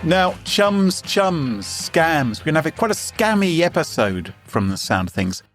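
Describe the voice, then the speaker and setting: A British man hosting a podcast, chatting playfully and telling stories in an animated way. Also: a little high, measured pace, soft background music. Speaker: podcast host. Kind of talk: casual podcast chat.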